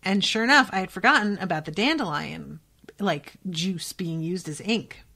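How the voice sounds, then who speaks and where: A woman with a somewhat low-pitched voice hosts a casual book-reaction podcast. She reads passages aloud between expressive, profane reactions. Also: moderate pace, creaky. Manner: expressive and profane, swings between quiet reading and excited outbursts. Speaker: podcast host.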